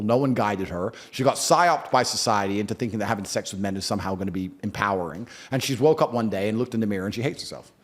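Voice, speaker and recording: A man speaking as an interview guest, emphatic and opinionated, jumping his pitch up high to stress points.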